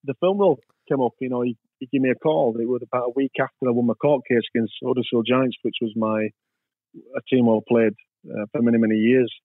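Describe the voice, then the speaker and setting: A man's voice: medium pitch, steady tone, fast, no echo. Guy telling stories in an interview, tinny dry phone-ish sound. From England. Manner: rambling anecdotes, acts out quoted voices. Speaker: interview guest. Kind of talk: storytelling in a casual interview.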